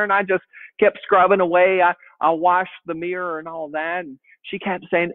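Pastor with a tinny phone-like sound. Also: male voice, sits high, steady tone, brisk, no room sound. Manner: conversational, folksy, frequent word repeats. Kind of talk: storytelling sermon.

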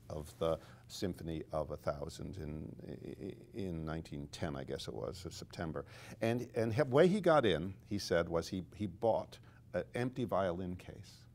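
A man's voice: low-pitched, darkish tone. An older man, a conductor and author, explaining music with animation in conversation and singing phrases to illustrate his points.

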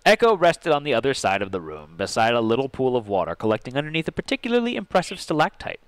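Animated man narrating a board game. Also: mid-range voice, fast, clean tone, no echo. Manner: animated, jokey reader. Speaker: game master. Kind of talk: reading story text aloud for a board game stream.

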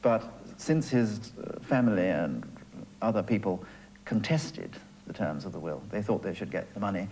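A man speaks in a measured, explanatory way, a little low in pitch. A faint hum runs under his voice. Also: expressive, darkish tone, poor audio. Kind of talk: documentary explanation.

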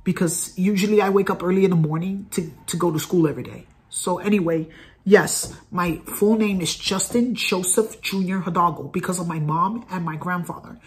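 A man's voice: high-pitched, fairly even intonation, moderate pace. A man in his thirties, talking casually to camera as a vlogger in an earnest, rambling way and repeating phrases. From United States. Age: 30s. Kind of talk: casual direct-to-camera vlog.

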